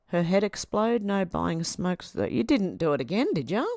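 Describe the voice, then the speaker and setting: A woman's voice: on the low side, very animated, moderate pace, vocal fry, a little mellow, dry recording, clean studio sound. An Australian woman hosting a casual livestream, reading out viewer comments in a chatty, affectionate way and laughing often. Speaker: livestream host.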